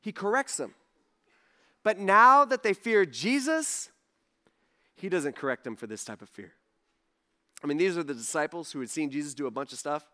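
A man's voice: on the high side, very animated, normal speed, pushed and bright. A man preaching a sermon in a casual, conversational way, acting out the lines of the people in his story. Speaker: pastor.

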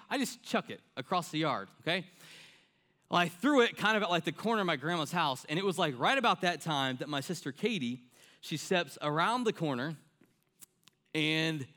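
Bright-voiced animated male preacher. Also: fairly high pitch. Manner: animated storyteller, acts out quoted voices. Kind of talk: sermon with personal story.

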